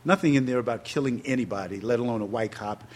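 A man, telling a personal story in an interview and acting out quotes in loud, high bursts. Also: quick pace. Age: 60s. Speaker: interview guest.

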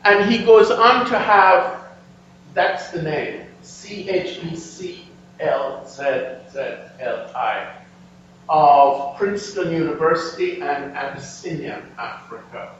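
Man lecturer, high voice, slow and emphatic, distant echoey lo-fi hall recording. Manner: animated, emphatic, addresses audience. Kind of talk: history lecture with slides. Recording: echoey, distant, dull lo-fi room recording with faint hum.

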